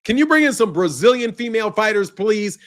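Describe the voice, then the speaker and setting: A man rants on his commentary channel, loud and profane, laughing often between lines. His voice sits high for a man. His pitch swings wide and lively. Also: fairly quick. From United States. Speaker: boxing commentary channel host. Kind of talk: ranting commentary.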